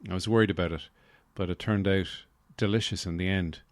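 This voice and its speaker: A man hosting a casual solo podcast, rambling with deadpan humor and lots of fillers into a close mic. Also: low voice, fairly quick, no echo. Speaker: podcast host.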